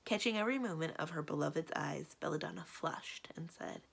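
A woman librarian reading a children's book aloud in an expressive storytelling voice. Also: deep voice, fairly quick, vocal fry, few pauses, breathy edge. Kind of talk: children's read-aloud narration.

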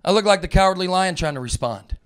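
A man in his thirties with a thick Alabama drawl works through a stand-up set, rambling and poking fun at himself. His voice sits a little high for a man. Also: lively intonation. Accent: Southern US, Alabama. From North Alabama. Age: 30s. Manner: drawling, rambling, self-mocking storyteller who puts on quick character voices. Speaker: stand-up comedian.

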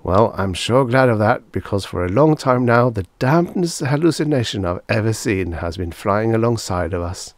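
A man's voice: lowish voice, expressive, normal speed, few pauses, no room sound, pitched above the performer's own voice, lightly acted. A man reading an audiobook, voicing a smug alien collector disguised as a man, breezy and mocking. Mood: smug amused.

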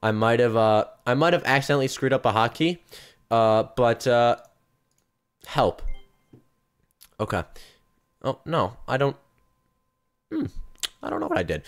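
A young man giving live commentary on his game stream, chatting straight to his viewers and breaking into loud yelps and shouts. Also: mid-range voice, lively intonation, measured pace, long pauses, clear, resonant tone. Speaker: gaming streamer.

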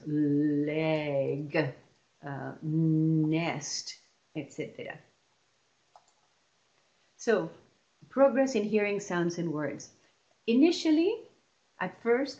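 A woman leading a lesson for teachers, explaining patiently and stretching example words out slowly. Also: on the low side, darkish tone, lo-fi sound. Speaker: teacher trainer.

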